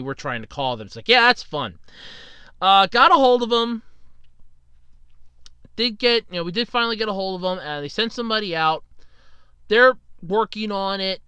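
A solo podcast host spins loose, animated anecdotes in a casual tone. The voice swings widely in pitch and sounds bright and clean. The recording is dry and close. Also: clean tone, no room sound. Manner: rambling, animated anecdotes with acted-out quotes and laughs.

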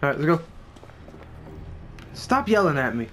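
Profane, excitable young man gaming. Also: a little high, normal speed, slight background noise. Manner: profane, excitable, swears often. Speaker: gameplay commentator. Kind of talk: casual let's play commentary.

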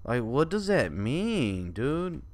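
A young man commenting on a horror game as he plays, joking and reacting, dropping to mutters and jumping to yells. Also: mid-range voice, sing-song, takes it slowly. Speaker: gaming YouTuber. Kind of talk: let's play commentary.

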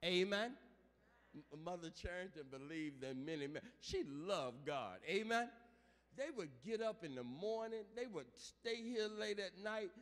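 A male pastor preaching a funeral sermon, calling out to the congregation for amens and building up to shouts. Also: high voice, animated, unhurried. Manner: call-and-response preaching, rising to shouts. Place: large church sanctuary. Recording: long church reverb.

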